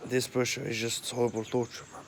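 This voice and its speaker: A man in a rambling monologue at home, agitated and profane, halting often with fillers. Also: mid-range voice, monotone, a little hiss or hum. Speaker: vlogger. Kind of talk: rambling direct-to-camera monologue. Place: at home, indoors.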